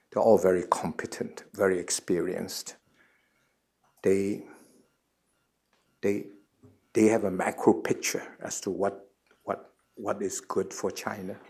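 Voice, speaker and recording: A man in his seventies answering questions as a guest at a forum, earnest and halting, often repeating words before he finds the next phrase. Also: low voice, gravelly, a little mellow, breathy edge. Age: 70s. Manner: earnest, measured explanation. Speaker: guest speaker.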